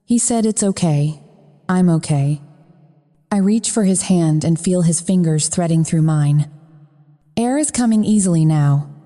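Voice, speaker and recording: Female audiobook narrator, low-pitched, intimate first-person delivery; lingering reverb on the recording. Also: expressive, a little slow, mellow.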